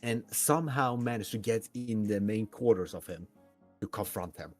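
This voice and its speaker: A man's voice: fairly low pitch, normal speed, soft background music. A man, co-hosting a casual podcast and loosely brainstorming a story idea. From Sweden. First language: Swedish. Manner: rambling, loose and full of fillers. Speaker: podcast co-host.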